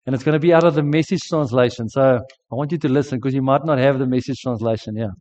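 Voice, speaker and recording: Speaking at a quick pace, a man with a medium-pitched, slightly mellow voice and a South African accent preaches as a pastor. His sermon is chatty and storytelling, with many restarts, and the recording is dull and lo-fi.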